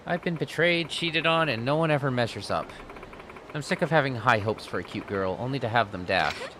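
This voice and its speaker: A man's voice: medium pitch, brisk, pushed and bright, slight background noise, lightly acted. A man voicing a blunt, self-pitying young woman from a video game in a raised voice. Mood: disgruntled.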